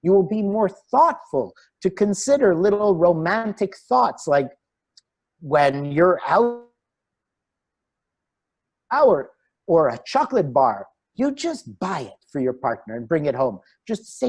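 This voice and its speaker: A man giving an online talk as a relationship coach, animated and laughing between his points. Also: high voice, slow, breathy edge.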